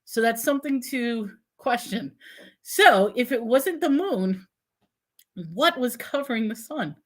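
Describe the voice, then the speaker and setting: High-voiced woman hosting a casual chat. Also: measured pace. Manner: animated, questioning, puts on a cutesy sing-song for props. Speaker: host. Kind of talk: casual live-stream chat.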